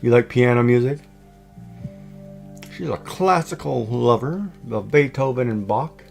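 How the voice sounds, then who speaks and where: Speaking unhurriedly in a mid-range voice with vocal fry and a slightly mellow quality, a middle-aged man chats casually on a livestream from home. He rambles, using many fillers and restarts, while soft background music plays.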